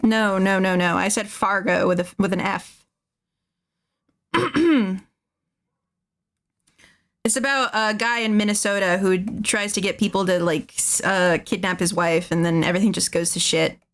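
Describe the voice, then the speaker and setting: A woman's voice: mid-range voice, a little slow, long pauses. A woman streaming casually, rambling and laughing often as she draws and chats. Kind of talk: casual chat while drawing.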